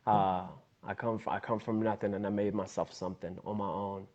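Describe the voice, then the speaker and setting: A man's voice: lowish voice, a little fast, a little hiss or hum. A young adult man, a wrestler, telling a story in a casual interview and acting out the voices in it. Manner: animated storyteller, acts out his own voice and others in quotes. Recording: dull lo-fi sound.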